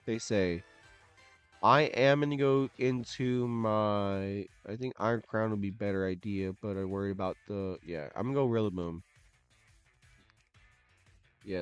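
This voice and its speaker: A young gaming commentator mutters live play-by-play of his own competitive match under his breath, talking through each move. His medium-pitched voice is smooth, and the dry recording has a lo-fi sound. Now and then he bursts into loud, frustrated shouts.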